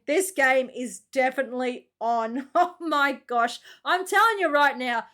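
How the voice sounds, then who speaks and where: An Australian woman with a high, bright voice chats through a reaction video. She talks at an unhurried pace, exclaiming and throwing in slang as she goes. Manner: chatty and exclamatory, slangy, laughs often. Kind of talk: casual reaction commentary.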